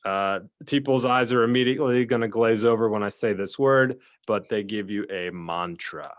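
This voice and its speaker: A man's voice: fairly low pitch, moderate pace. A man co-hosting a casual chat show, talking at length in a rambling, self-aware way. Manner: rambling, talkative, self-described blabbermouth. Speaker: podcast co-host.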